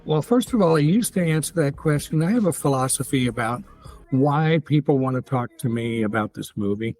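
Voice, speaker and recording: A man's voice: medium pitch, expressive, fairly quick, darkish tone, faint music behind. A man in his seventies, a guest actor in a casual interview, rambling through stories with many restarts and fillers. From United States. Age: 70s.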